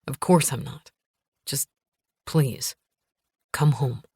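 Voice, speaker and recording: A tense young husband, blunt and worried, his lines pushed down low, as a woman narrator voices him. Close and dry, with no room around it. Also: slow, dark tone, breathy edge, no room sound, full character voice.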